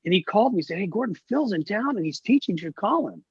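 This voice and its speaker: Talking fast in a high-pitched voice with a breathy edge, a middle-aged musician guest spins stories in a casual video-call interview. He acts out each quoted voice with animation, and the call sound is dull and lo-fi.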